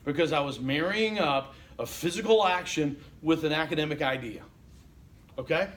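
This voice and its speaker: A man's voice: a little high, moderate pace, fairly bright tone. A man teaching a college class in a casual, conversational lecture, often checking in with "okay?" and acting out what listeners might be thinking. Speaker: college instructor.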